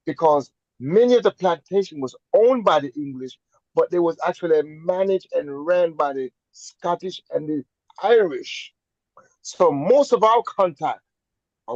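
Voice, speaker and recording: Emphatic Jamaican man with a high voice, a talk-show guest who repeats phrases to drive home his point. His sound is dull and dry, as if coming over a remote call. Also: darkish tone, dry recording. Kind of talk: conversational storytelling on a talk show.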